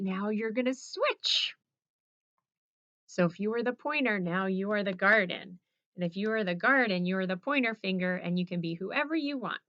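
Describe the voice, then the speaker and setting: A woman's voice: mid-range voice, fairly bright tone, no room sound. A woman teacher leading children through a morning routine in an encouraging, sing-song, playful way. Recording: slightly dull lo-fi recording.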